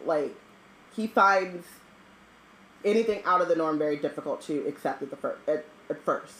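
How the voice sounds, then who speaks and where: Lower-voiced woman co-host, animated and emphatic, swears freely, recorded in an echoey room. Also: moderate pace, slight background noise. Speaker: podcast co-host. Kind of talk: casual book-club chat.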